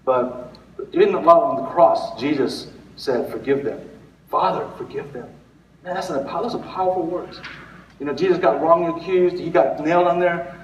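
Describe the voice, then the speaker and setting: A man's voice: a little high, moderate pace, highs cut off, a little hiss or hum. A male pastor giving a conversational sermon, rambling with restarts and fillers. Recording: echoey hall, recorded from far off.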